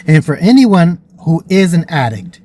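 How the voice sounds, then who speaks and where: Vlogger, male, somewhat high voice, candid and earnest storytelling. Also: sing-song, normal speed, warm tone, a little hiss or hum. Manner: earnest and emotional.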